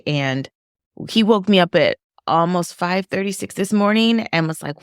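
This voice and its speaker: Middle-aged woman, lower voice, earnest, emotional, halting restarts, dry close sound. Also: clear, resonant tone, no room sound. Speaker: professor and author. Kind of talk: podcast discussion.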